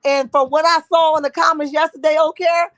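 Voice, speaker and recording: A woman's voice: high-pitched, fairly even intonation, a little fast, no room sound. A woman hosting a casual live-stream gossip chat, sassy and talkative, calling her viewers honey and boo.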